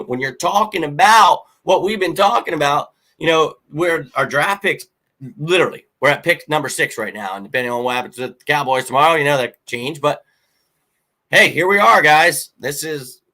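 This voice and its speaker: Male sports show host, casual and blunt, bright forceful tone, fan rant delivery. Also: a little high, moderate pace. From Philadelphia. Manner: blunt, animated fan rant with frequent fillers.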